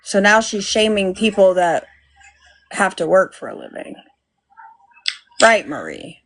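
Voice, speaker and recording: A woman's voice: medium pitch, very animated, unhurried, fairly bright tone. A woman hosting a casual live commentary stream, blunt and profane, thanking viewers by name. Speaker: livestream host.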